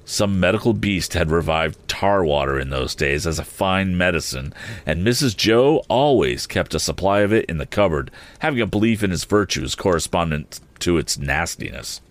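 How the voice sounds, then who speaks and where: Brief: low-voiced male narrator, measured and steady, classic audiobook reading.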